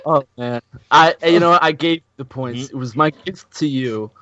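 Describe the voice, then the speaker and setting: A man's voice: fairly high pitch, normal speed, crowd noise. Joking man on a muffled podcast. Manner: joking, exaggerated complaints. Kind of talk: casual game night banter.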